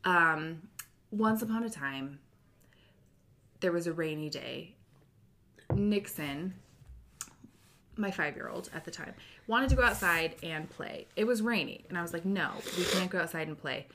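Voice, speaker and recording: Lively storytelling woman, lowish voice. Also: a little slow, long pauses. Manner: animated storyteller, acts out quotes. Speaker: podcast co-host. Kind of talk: casual chat, storytelling.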